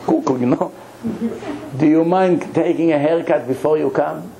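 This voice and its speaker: Rabbi guy telling a story, acts out the other guy, laughs a lot, mellow voice, bit of hiss behind. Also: a little high, moderate pace, gravelly, rough recording. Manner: animated, acts out both sides of a dialogue; laughs between lines. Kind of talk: storytelling sermon.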